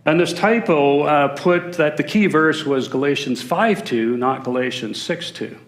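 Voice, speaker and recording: A man's voice: a little high, unhurried, reverberant. A man giving a sermon in a church, breaking it up with joking, self-deprecating asides. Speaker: guest preacher. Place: church sanctuary.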